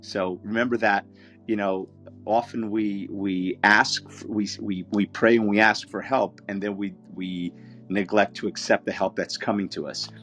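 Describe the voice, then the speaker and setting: A man giving a motivational talk as a guest speaker, an animated storyteller who often restarts and repeats his words. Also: fairly low pitch, moderate pace, soft background music. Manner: animated storyteller, raises voice for quoted characters.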